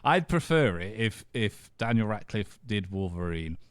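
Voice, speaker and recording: A man's voice: on the low side, sing-song, moderate pace. A man co-hosting a casual podcast chat, rambling and laughing often. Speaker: podcast co-host.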